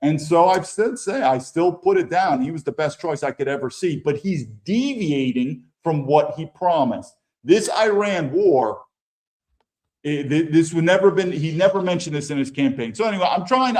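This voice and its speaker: A man's voice: on the high side, a little mellow. An American man hosting his own show, giving blunt, opinionated commentary over news clips and often restarting his sentences. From United States. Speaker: political commentary show host.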